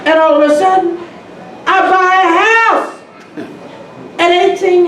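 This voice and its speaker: Man, high voice, animated storyteller at a meetup, recorded from a distance in a roomy hall with faint background noise. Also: takes it slowly. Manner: storytelling, animated, laughs at own stories. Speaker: real estate speaker. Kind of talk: motivational talk to an audience. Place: meeting room.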